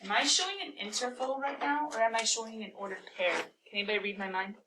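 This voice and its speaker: A woman teaching a calculus class, talking through a problem and firing quick questions at her students. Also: fairly high pitch, sharp tone, far from the mic, slight background noise, low-quality recording. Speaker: math teacher.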